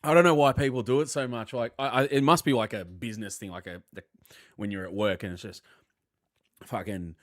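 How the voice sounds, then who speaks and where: An Australian man hosting a live football fan stream, chatting loosely with viewers, blokey and sweary, thinking out loud. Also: lowish voice, fairly even intonation, brisk, no echo, studio quality.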